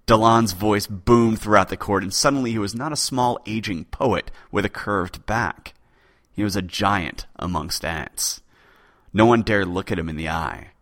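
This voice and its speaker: A man hosting a podcast, narrating a historical tale with a lively, dramatic delivery. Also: on the low side. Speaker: podcast host.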